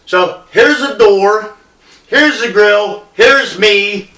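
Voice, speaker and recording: A middle-aged man with a high-set, bright, edgy voice rambles through a personal story in blunt, profane casual talk. He sounds set back from the mic, and the room rings with echo around him. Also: extremely slow. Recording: echoey room, distant mic.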